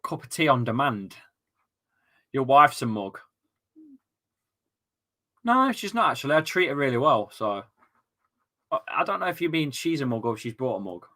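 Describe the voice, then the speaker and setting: A man with an East Midlands accent hosting a live football watchalong at home, full of excitable, sweary, rambling banter. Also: mid-range voice, moderate pace, pauses often. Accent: East Midlands English. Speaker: host of a fan watchalong stream.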